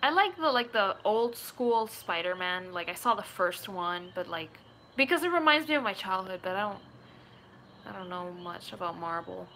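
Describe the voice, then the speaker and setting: A woman's voice: medium pitch, lively intonation, moderate pace, bright, forceful tone, slight background noise. A young woman from Rico, rambling playfully as she chats live with viewers from home. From Puerto Rico. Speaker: streamer. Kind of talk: casual live chat answering comments.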